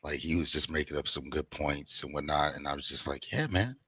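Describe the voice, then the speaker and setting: A man co-hosting a relaxed, casual chat after a debate, laughing often and swearing freely. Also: a bass voice, fairly quick, slightly rough, no echo. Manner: laughs a lot, relaxed, swears, says "and whatnot". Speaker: co-host.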